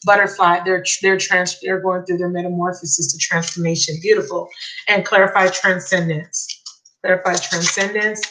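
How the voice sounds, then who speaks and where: A woman giving a live tarot reading, excitable and emotional, repeating key phrases. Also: lowish voice, moderate pace, slight background noise, low-quality recording. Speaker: tarot reader.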